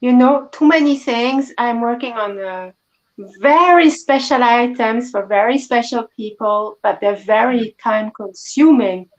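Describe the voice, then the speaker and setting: A French woman speaks English as a guest over a phone, with a fairly high pitch. Her native French shows in her accent, and her talk is polite and slightly formal. The sound is dull and lo-fi. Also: measured pace. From France. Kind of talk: casual chat over a phone call.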